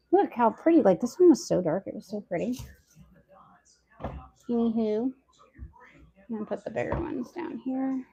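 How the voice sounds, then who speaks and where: A woman's voice: on the high side, animated, moderate pace, long pauses, dark tone. A woman vlogger chatting casually to viewers at home, talking aloud to herself and her audience as she sorts her harvest and does chores. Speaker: homestead lifestyle vlogger. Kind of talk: casual chat to camera while doing chores. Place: at home, indoors.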